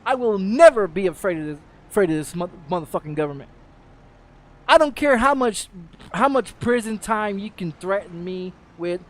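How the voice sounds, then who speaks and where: A man's voice: high voice, lively intonation, moderate pace. A middle-aged man from the United States, a game streamer, in a heated, profane rant that keeps stumbling over repeated words. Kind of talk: heated off-topic rant on a livestream.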